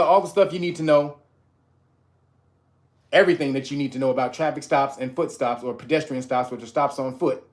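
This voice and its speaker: A man's voice: fairly high pitch, a bit bright. A man hosting a livestream, ranting in a blunt, profane and preachy way. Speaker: livestream host. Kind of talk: heated livestream rant.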